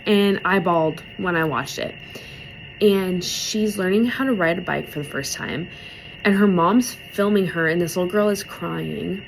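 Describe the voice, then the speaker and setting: A woman's voice: on the low side, darkish tone, a little hiss or hum, poor audio. A young woman giving a casual, heartfelt devotional talk, emotional and close to tears, chatting with many "like"s. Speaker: speaker in a church devotional video series.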